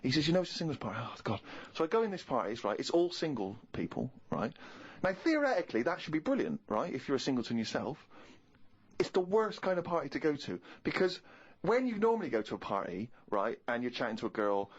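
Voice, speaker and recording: A man co-hosting a podcast, telling comic stories in an animated, rapid way. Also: mid-range voice, breathy edge, muffled recording. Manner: animated, rapid anecdotal delivery. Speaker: co-host.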